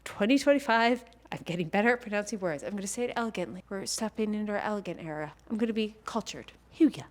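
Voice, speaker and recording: A woman's voice: medium pitch, very fast. A young woman with a Canadian accent, talking straight to camera in a casual, upbeat lifestyle vlog, full of "like" and "you know". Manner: chatty and upbeat, with lots of "like". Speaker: lifestyle vlogger.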